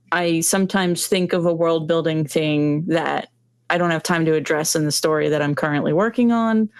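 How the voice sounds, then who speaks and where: A woman's voice: lowish voice, smooth, dry recording, clean studio sound. A woman being interviewed as a comic book creator, explaining her work in a hesitant way with many ums. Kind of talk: casual interview talk.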